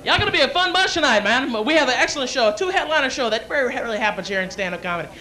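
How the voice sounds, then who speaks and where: A man's voice: very high voice, lively intonation, very fast, bright, forceful tone. A young man, telling brash, rowdy stories as a stand-up comedian and MC on a comedy club stage. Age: young adult.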